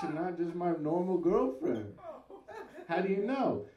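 A man telling a comic story in a stand-up bit, animated, with his voice shooting high at times. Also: unhurried, reverberant, background noise.

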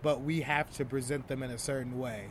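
A young man and stand-up comedian talking casually and reflectively, getting animated when he acts out scenes. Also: medium pitch, a little fast, a little hiss or hum. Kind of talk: casual chat.

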